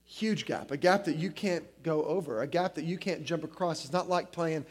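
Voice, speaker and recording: High-voiced man preaching, chatty. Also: moderate pace, breathy edge. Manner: conversational, many "like" fillers, animated storytelling. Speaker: guest preacher. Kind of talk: sermon.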